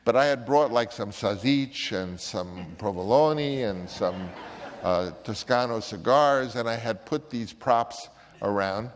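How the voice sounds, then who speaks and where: A man's voice: on the low side, slow pace, big-room sound. Older man rambling through anecdotes. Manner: rambling, with many restarts and acted quotes. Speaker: film director telling stories. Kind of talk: casual anecdote.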